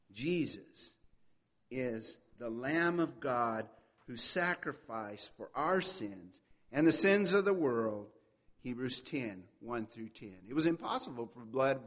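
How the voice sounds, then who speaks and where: A man preaching a sermon, reading scripture aloud with swelling emphasis and dropping to a soft, low voice between verses. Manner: swells loud on quoted verses, drops soft and low on asides.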